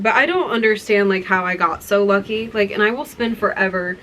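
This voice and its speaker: Bright-voiced young woman gushing to camera. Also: medium pitch, fairly quick, few pauses, slight background noise, rough recording. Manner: gushing, excited and rambling. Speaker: vlogger. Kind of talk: casual chat to camera.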